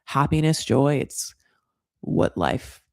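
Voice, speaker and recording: An American woman hosting a reality TV recap in casual talk, blunt and profane, with sarcastic rants, many fillers and quick asides. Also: very deep voice, sing-song, vocal fry. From United States.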